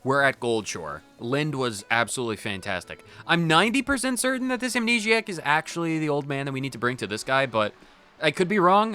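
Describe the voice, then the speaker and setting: A man's voice: on the high side, expressive, brisk, sharp tone, smooth, faint music behind. A man hosting a video game playthrough with casual, jokey, rambling commentary. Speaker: gaming channel host.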